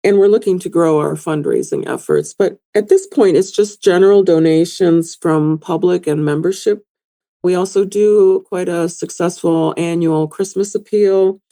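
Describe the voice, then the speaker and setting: A woman's voice: fairly low pitch, normal speed, warm tone. A middle-aged woman, a museum executive director, talking at length in a podcast interview and telling anecdotes. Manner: conversational, explains at length with anecdotes.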